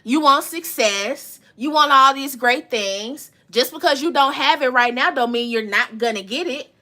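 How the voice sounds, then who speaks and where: A woman's voice: high-pitched, moderate pace, bright, forceful tone. A woman giving a live tarot reading to her viewers, casual and slangy, swearing often and breaking into laughter. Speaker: tarot reader.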